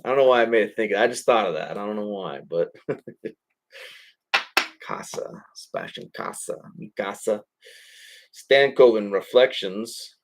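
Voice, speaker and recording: Low-voiced man casually narrating card breaks. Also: normal speed. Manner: casual and rambling, curses and chuckles. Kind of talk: live card-opening commentary.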